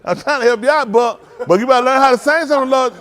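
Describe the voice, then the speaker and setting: A man's voice: quick pace, very noisy. A man pastoring a service, playfully teasing young people in the congregation and calling them out by name. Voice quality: high lively voice that leaps up in mock singing. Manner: playful teasing, calls out names, Southern Black vernacular phrasing. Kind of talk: informal sermon with youth check-ins. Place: congregation hall.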